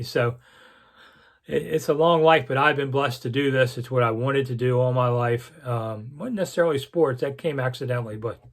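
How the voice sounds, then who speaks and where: A man in his sixties, a longtime sports columnist, reminiscing to camera in a casual, rambling way with lots of asides. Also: mid-range voice. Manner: rambling storyteller with frequent asides and self-corrections. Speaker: sports columnist hosting his own channel.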